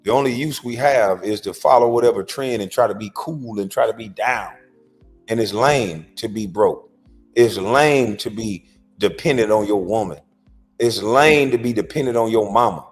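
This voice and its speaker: A man's voice: fairly low pitch, moderate pace, faint music behind. A man hosting an opinion commentary, talking in a blunt, lecturing, emphatic way with slangy informal speech. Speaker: commentary host.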